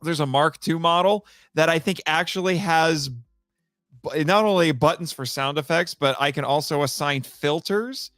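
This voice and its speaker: A man's voice: a little high, normal speed, fairly bright tone, no room sound, studio quality, soft background music. Laughing, chatty male podcast co-host. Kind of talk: casual chat.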